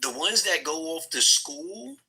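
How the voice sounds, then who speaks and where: Husky man talking casual slang. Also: on the high side, lively intonation, a little slow, pushed and bright, poor audio. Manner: casual slang, addresses others as bro. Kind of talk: heated online debate.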